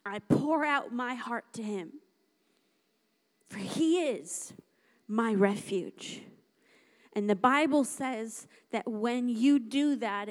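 A woman preaching a lively, conversational sermon to a church congregation, acting out little dialogues as she talks. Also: a little high, takes it slowly, long pauses. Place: church service.

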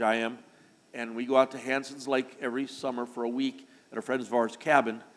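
An older man, a pastor, preaching a sermon through a long personal story, now and then breaking into loud shouts. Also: mid-range voice. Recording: long hall reverb.

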